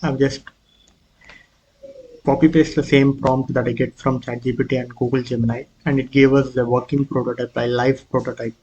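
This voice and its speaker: Male presenter, mid-pitched and monotone, casual demo walkthrough, halting with lots of restarts. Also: lo-fi sound, a little hiss or hum. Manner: hesitant, halting, with frequent fillers and restarts. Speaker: presenter of his own app prototype.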